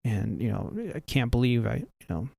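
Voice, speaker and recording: A man voicing an arrogant, dismissive male first officer in a spoken anecdote, his own mellow, gravelly voice barely changed. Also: mid-range voice, moderate pace, no room sound. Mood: griping. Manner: cocky, dismissive.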